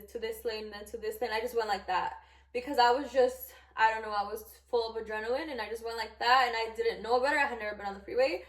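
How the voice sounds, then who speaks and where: A young woman vlogger telling a storytime in a chatty, animated way, filling her talk with "like". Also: a little high, roomy sound. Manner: chatty, animated, heavy use of "like". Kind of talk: casual storytime.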